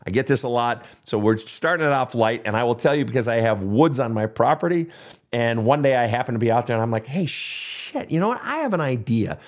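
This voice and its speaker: A man's voice: medium pitch, quick pace. A middle-aged man hosting a counseling podcast who talks bluntly and swears often, acting out the voices of the people he quotes. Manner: blunt, swears freely, acts out quoted outbursts. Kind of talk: casual advice monologue.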